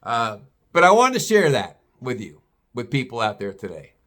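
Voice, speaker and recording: A man's voice: mid-range voice, moderate pace. An older man, a retired butcher, telling a story bluntly with plenty of swearing in a casual vlog. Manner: blunt, profane, animated storytelling.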